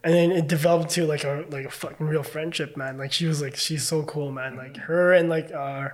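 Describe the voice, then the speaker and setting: Man, podcast guest, slightly high voice, casual storytelling, loose, chatty, swears a lot. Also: steady tone, fairly quick.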